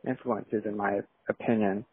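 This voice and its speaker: A man's voice: lowish voice, fairly even intonation, moderate pace, husky. A young man from San Diego, a filmmaker guest, talking casually and rambling with lots of "like" and restarts. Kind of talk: casual interview chat. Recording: tinny phone-like line.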